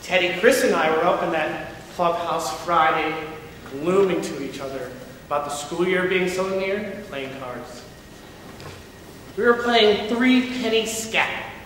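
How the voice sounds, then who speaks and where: A young man gives a reflective, first-person dramatic reading of a story. His voice is bright and fairly high. He sounds distant, in a big hall with long reverb and faint room noise. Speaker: performer. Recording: echoey hall from far off.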